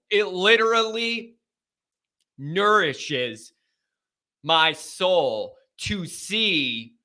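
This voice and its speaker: A man hosts a sports talk show with a high, bright voice, ranting brashly and sarcastically about rival teams. He speaks at an unhurried pace and pushes his bias loudly. Faint music plays behind him. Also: smooth. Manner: brash, loud, sarcastic, openly biased.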